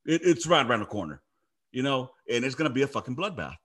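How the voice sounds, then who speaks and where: Telling profane, emphatic stories in casual chat, this podcast host, a middle-aged army veteran, talks fast. His mid-range voice is sing-song and a bit bright.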